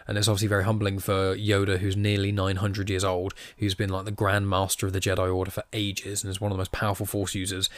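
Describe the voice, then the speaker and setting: A casual, chatty man with a lowish voice talks through a story recap with a self-deprecating manner. The recording is dry and close, with no room sound. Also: dry recording. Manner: chatty, self-deprecating, reads quoted lines aloud in his own voice. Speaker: podcast host. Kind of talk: casual comic recap podcast.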